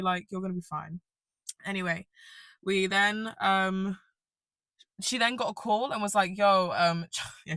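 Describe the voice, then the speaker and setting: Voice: medium pitch, sharp tone, no echo. A young adult telling a casual, rambling storytime rant, swearing freely and laughing often. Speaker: vlogger.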